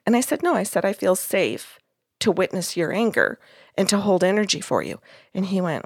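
A woman's voice: mid-range voice, sing-song, normal speed, creaky, breathy edge, no room sound, studio quality. A woman podcast host retelling a session in casual chat, acting out the quoted dialogue.

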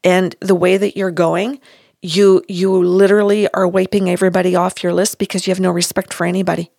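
A woman's voice: fairly low pitch, level tone, fairly quick, creaky, darkish tone, no room sound, clean studio sound. A woman in her sixties, a counselor, recounting a session by acting out both sides of the conversation firmly and emphatically. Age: 60s. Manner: acts out both sides of a dialogue, firm and emphatic.

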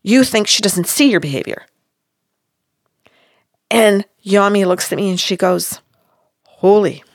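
Gravelly woman in her sixties retelling a talk. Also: mid-range voice, a little slow, dry recording, studio quality. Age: 60s. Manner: acts out both sides of a dialogue, firm and emphatic. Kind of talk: storytelling, recounting a session.

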